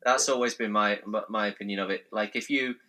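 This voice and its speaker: Bright-voiced podcast host. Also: male voice, fairly low pitch, fairly even intonation, fairly quick. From North Yorkshire, England. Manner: friendly, wraps up with formal sign-off. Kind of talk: casual podcast chat.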